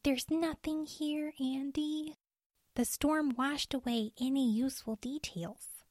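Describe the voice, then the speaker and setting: A woman's voice: high voice, fairly even intonation, takes it slowly, darkish tone, no room sound, studio quality, voice pushed up. A woman voicing a practical female forest ranger who talks in a wry, matter-of-fact way.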